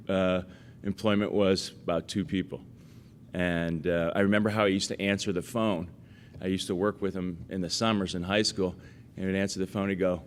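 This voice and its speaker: Lower-voiced man accepting an award, chatty and self-deprecating, anecdotes with voiced quotes, faint hiss behind. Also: a bit bright. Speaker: award recipient giving acceptance speech. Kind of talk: casual anecdotal acceptance speech.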